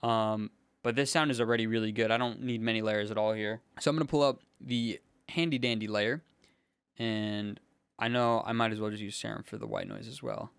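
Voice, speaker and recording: A man's voice: fairly low pitch, brisk, vocal fry, clean tone, dry recording. Laid-back young man talking through beats. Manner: relaxed, slangy, thinking aloud. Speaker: music producer. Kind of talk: casual production tutorial. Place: home music studio. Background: faint synth music playing.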